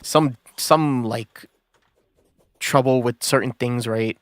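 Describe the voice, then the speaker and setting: A man's voice: mid-range voice, slow pace, dry recording. Guy streamer rambling thru a story, lots of um and like, dry mic sound. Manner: rambling, full of fillers and restarts. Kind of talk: casual storytelling while gaming.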